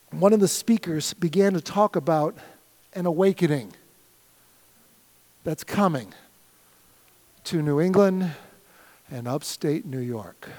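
A middle-aged man preaching a sermon as pastor of his church, swinging from loud shouted appeals down to soft, quiet prayer. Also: high voice. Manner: builds to loud shouted pleas, then drops to soft prayer. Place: church sanctuary. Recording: long hall reverb.

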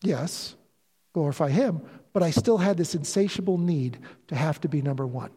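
In a church sanctuary, a pastor in his fifties delivers a sermon in a voice unusually high for a man. His speech is earnest and confessional, building toward emphatic, rising declarations at a normal speed, with an expressive, warm tone and a breathy edge. The long reverb of the large hall rings around him.

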